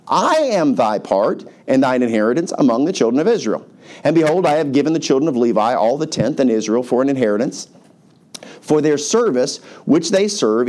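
A pastor preaching a sermon to his congregation, who tells the story in a lively, casual way and acts out the characters' voices. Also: mid-range voice. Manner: animated, colloquial storytelling with acted-out voices.

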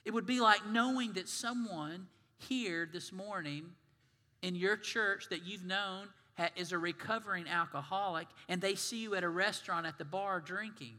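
A male minister preaches in a church sanctuary, with a forceful voice pitched slightly high. He talks conversationally and puts questions to the congregation. A long church reverb follows his words. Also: normal speed. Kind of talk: sermon.

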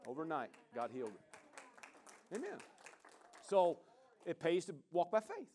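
Male pastor, animated preaching, high-ish voice that swings widely, chatty and rambling. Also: measured pace, long pauses, some chatter behind, a little hiss or hum. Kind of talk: sermon.

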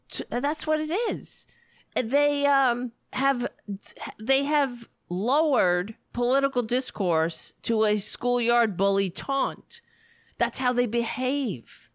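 Woman commentary host, middle-aged, unhurried and outraged, blunt profane delivery, dry close mic. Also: a little high, dry recording. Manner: indignant, blunt and profane, with frequent restarts. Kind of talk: opinionated political commentary.

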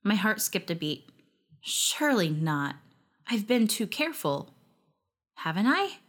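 Narrator: woman, first-person audio story, wry lively delivery. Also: medium pitch, measured pace.

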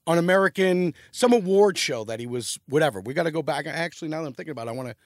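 A man's voice: fairly high pitch, racing, no room sound, studio quality. A middle-aged man, telling rambling, profane stories as a podcast guest. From New York. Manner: animated, profane, rambling storytelling. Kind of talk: casual storytelling chat.

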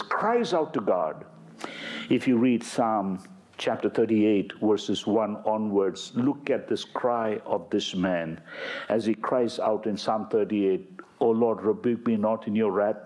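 Man, pastor, sermon, fervent scripture reading, medium pitch. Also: a little mellow. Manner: reads scripture aloud with rising fervent emphasis.

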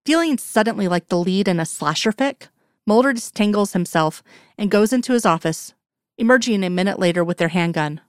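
A woman reading a story aloud in an even, measured narration. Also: mid-range voice, smooth, no echo, studio quality. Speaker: reader. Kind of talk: storytelling narration of fan fiction.

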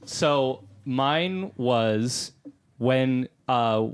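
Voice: mid-range voice, expressive, very slow, clear, resonant tone. Laughing storyteller co-host, mid voice. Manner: storytelling, laughing at own jokes. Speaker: podcast co-host. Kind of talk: casual chat.

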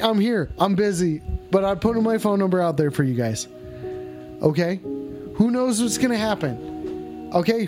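A man hosting a comedic livestream, swearing through exaggerated mock outrage at his chat. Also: high voice. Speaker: livestream show host.

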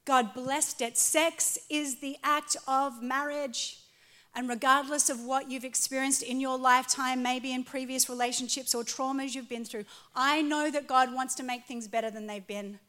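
Woman in her 40s preaching, high voice, funny and self-mocking, goes quiet then loud. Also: moderate pace. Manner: animated, self-mocking humor, swings from soft to loud. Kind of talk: sermon with personal storytelling. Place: stage before a live audience.

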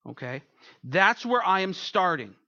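High, bright-voiced joking preacher man. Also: sing-song, a little slow, no echo, lo-fi sound. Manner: chatty, joking storyteller. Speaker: pastor. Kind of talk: sermon with humorous stories.

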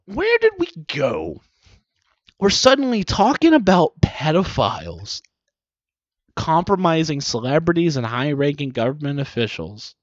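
A man's voice: a little high, no echo. A man delivering a profane comedic rant with mocking asides, swearing often. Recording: dull lo-fi dry recording.

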